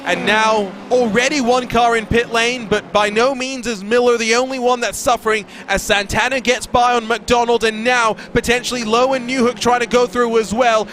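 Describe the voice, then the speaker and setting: High-voiced male race commentator. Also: slight background noise. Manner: fast, energetic, rises in excitement. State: voice getting hoarse. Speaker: lead commentator. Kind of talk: sim racing play-by-play commentary.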